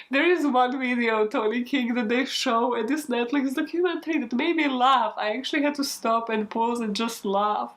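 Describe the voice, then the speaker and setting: A woman host rambles through her outtakes, giggling and poking fun at herself. She swears freely and talks in a slightly high voice. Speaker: true crime YouTube host. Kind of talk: casual outtake chatter.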